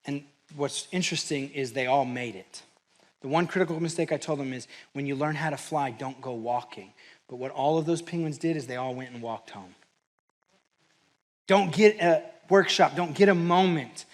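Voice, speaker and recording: A man with a fairly high voice leads a mental performance workshop. He tells a story with a lot of energy and puts on the voices of the people in it. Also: moderate pace. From New Mexico, US. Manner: animated storytelling with quoted voices. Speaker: mental performance coach and pastor. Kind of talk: workshop talk. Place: church hall, live audience.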